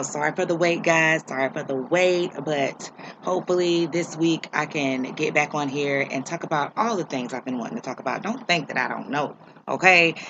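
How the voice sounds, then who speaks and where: A woman's voice: low-pitched, dull audio, noisy background. A woman hosting her own commentary vlog, talking straight to the viewer in a sassy, mocking way. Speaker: vlog host.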